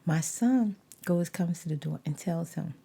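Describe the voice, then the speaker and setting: A middle-aged woman telling a story in soft-spoken ASMR style, animated, slipping into whispered asides. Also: fairly low pitch, unhurried, gravelly, husky. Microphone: desk USB microphone.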